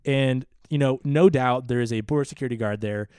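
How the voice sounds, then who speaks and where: Man, podcast co-host, casual storytelling, stammering restarts, smooth resonant voice, dry close mic. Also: mid-range voice, a little fast, no room sound. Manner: animated, rambling, stammers and restarts.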